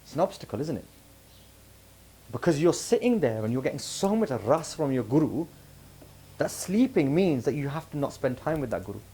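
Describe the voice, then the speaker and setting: In a camp hall before a live audience, a British man visiting as a religious speaker talks conversationally and frequently asks the listeners questions. His voice sits on the high side, sing-song, mellow and husky, at normal speed.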